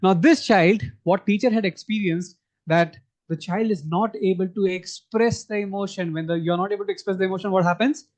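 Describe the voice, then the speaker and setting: A man's voice: sits high, fairly even intonation, brisk, darkish tone. A man giving a workshop talk to educators, asking the audience questions as he goes. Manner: engaging, asks the audience questions. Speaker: workshop speaker. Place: conference hall.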